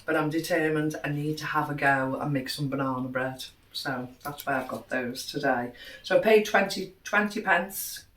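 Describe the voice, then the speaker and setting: A middle-aged British woman, vlogging, talks casually and cheerfully through her grocery haul, adding up prices and savings as she goes. Her voice is deep and her speed normal. The recording sounds roomy and echoey, with a distant mic and faint background noise.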